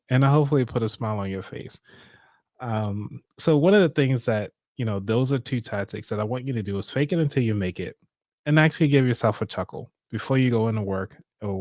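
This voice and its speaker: A man's voice: mid-range voice, lively intonation, brisk, a little mellow, no room sound, clean studio sound. Upbeat chatty man hosting a stream. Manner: upbeat, chatty, laughs often. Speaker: show host. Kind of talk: casual live-stream talk.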